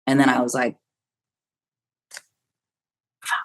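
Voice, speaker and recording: This podcast guest, a woman from the United States in her fifties, speaks slowly in a rumbling low voice with little pitch movement. She recounts a personal story vividly and openly, voicing her own thoughts and cursing freely as she goes.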